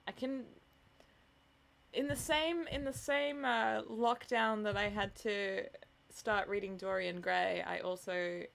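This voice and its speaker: A woman's voice: mid-range voice, steady tone, takes it slowly, gravelly, a bit bright. A sleepy woman streamer chatting casually with her viewers in a rambling, self-mocking way before reading a novel aloud.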